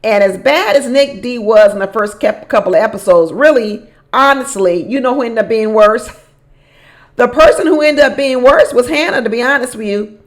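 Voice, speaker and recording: A woman giving a casual recap of a reality show. She is animated, often repeats phrases for emphasis, laughs often and talks straight to the people on the show. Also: on the high side, normal speed. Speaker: reality show commentator and relationship coach.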